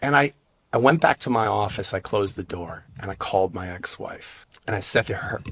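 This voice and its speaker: A man's voice: fairly low pitch, lively intonation, normal speed, fairly bright tone, no echo. Man, divorce lawyer, emotional personal story, holding back tears, dry close sound. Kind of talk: personal story in a podcast clip.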